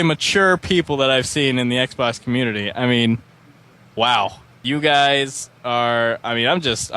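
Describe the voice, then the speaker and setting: Male podcast guest, mid-pitched, sarcastic, animated storyteller. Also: clean tone. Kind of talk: casual chat.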